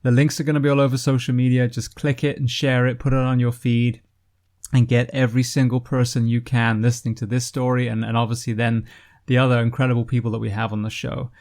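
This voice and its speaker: A man's voice: mid-range voice, flat delivery, fast talker, a little mellow. A man hosting a podcast, speaking earnestly and emphatically, with frequent fillers, as he introduces his guest and starts the interview. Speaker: podcast host.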